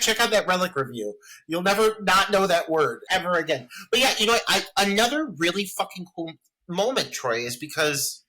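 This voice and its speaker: A man co-hosting a podcast, chatting about a horror film in excitable, profane banter. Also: fairly high pitch, low-quality recording. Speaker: podcast co-host. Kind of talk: casual film discussion.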